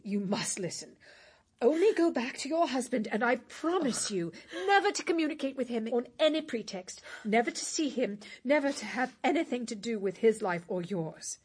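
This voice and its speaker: A woman's voice: high-pitched, slightly rough, full character voice. An actress playing a worldly woman with a shameful past, pleading urgently and with passion in a stage drama.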